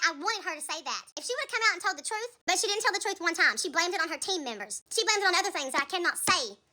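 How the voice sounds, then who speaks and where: A woman's voice: sits high, sharp tone. A woman telling an emotional story in an emphatic, fired-up rant, repeating her points. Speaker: TikTok creator in a played clip.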